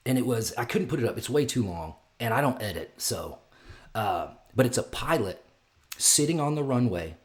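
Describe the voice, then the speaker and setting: A man with a fairly low voice talks through news clips in an offhand, rambling way. He restarts sentences often and lets out sighs. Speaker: commentator. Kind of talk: casual reaction commentary.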